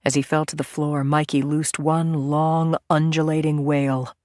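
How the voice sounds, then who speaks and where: A woman narrating a thriller audiobook in a measured, steady storytelling manner. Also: deep voice, dry recording. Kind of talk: scripted narration.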